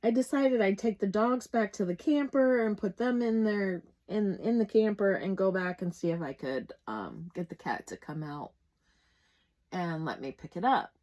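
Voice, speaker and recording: A woman's voice: mid-range voice, normal speed, a little mellow, rough recording. A middle-aged woman from the Midwestern United States chatting casually while she works on a craft kit, telling a story in a rambling way with many fillers and restarts. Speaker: crafting vlogger. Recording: noticeable background noise.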